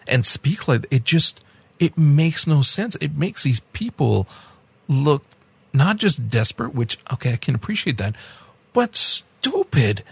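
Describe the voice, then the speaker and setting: A man's voice: medium pitch, big pitch swings, measured pace, gravelly, breathy edge. A man co-hosting a podcast, talking casually and ranting with animation, laughing and restarting his sentences. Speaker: podcast co-host. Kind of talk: casual podcast chat about a documentary.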